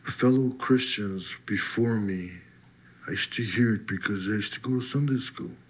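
A man slowly telling his personal faith testimony, husky voice, getting lively as he retells being set free. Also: on the low side. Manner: slow storytelling, lively when retelling his release. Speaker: testimony speaker.

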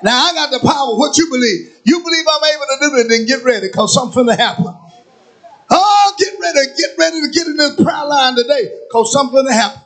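A man preaching a sermon, using call-and-response and chanting as his preaching builds to shouts in a church sanctuary. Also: very high-pitched, expressive, fast talker. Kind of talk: whooping sermon.

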